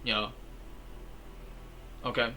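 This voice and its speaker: A young man giving a casual, slangy movie recap, animated and full of fillers. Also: very slow. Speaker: movie reviewer.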